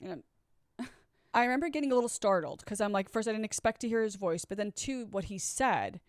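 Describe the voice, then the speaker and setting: Woman vlogger, candid storyteller, blunt and conversational, smooth voice, dry close sound. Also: mid-range voice, animated, fairly quick, no room sound. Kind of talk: personal storytelling.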